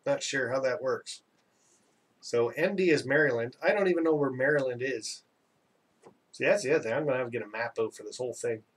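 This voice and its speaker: A man's voice: medium pitch, fairly quick, husky, recorded from a distance. A Canadian man hosting a casual live stream, chatting in a rambling, self-teasing way and reading out viewer comments.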